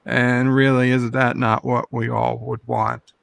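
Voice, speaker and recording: Gravelly man reasoning calmly. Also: medium pitch. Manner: measured, reasoning. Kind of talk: casual chat.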